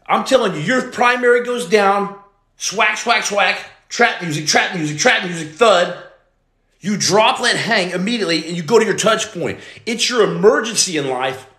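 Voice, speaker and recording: A man in his forties hosting a casual live stream, greeting viewers by name and breaking into loud outbursts. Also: sits high, animated, normal speed. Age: 40s. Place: room at home. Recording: echoey room.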